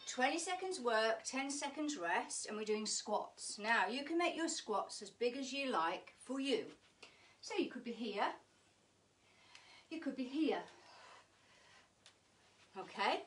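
A higher-voiced woman coaching a workout class, chatty and encouraging, cracking jokes between counts. She sounds a little out of breath as she exercises along. The mic sits at a distance, with a faint hum in the room. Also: animated, slow pace, long pauses, fairly bright tone. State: slightly out of breath. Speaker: pilates instructor. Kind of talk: live online fitness class instruction.

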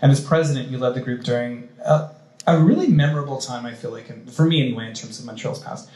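A man's voice: mid-range voice, fast talker, dark tone, roomy sound, low-quality recording. A man moderating a panel in a casual way, hedging with lots of filler words. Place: cultural institute event hall.

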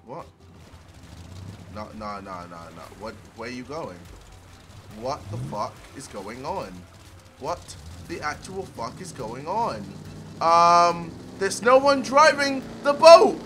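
A young man giving loud, profane gameplay commentary, shouting and yelping at the game. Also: on the high side, animated, slow, background noise. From England. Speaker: gaming video creator.

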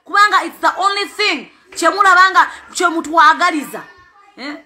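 Ugandan woman, mother, passionate plea; very high, bright voice; repeats words for emphasis. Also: quick pace. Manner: emphatic, repeats words, switches between two languages. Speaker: parent speaking out. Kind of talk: impassioned spoken appeal.

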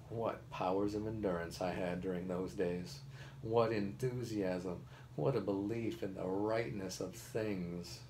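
Man reading a novel aloud, low voice, steady and measured. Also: a little hiss or hum, poor audio. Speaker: reader.

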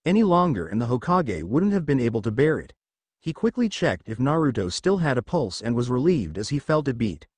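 Animated male story narrator. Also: mid-range voice, brisk, husky, no room sound. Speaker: fanfiction reader.

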